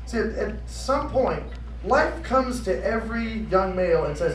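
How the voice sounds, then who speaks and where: A man doing an animated stand-up comedy rant with exaggerated outbursts at an event. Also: high-pitched, a little slow. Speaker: comedic performer. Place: convention event room. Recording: echoey room from far off, noisy.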